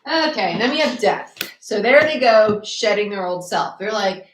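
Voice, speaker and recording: A woman's voice: mid-range voice, a little slow, few pauses. A young woman from New Jersey hosting a live tarot reading in a chatty, blunt, sarcastic way, swearing freely. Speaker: tarot reader, channel host. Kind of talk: live-streamed tarot reading, casual chat. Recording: echoey room.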